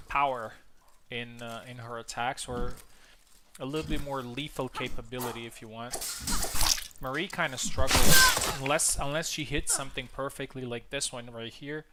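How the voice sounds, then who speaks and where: A man whose first tongue is a Latin language calls a tournament match live, at an ordinary mid pitch. His delivery is casual and halting, full of fillers and restarts. Noticeable background noise runs under the recording. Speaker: tournament commentator. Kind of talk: live game commentary.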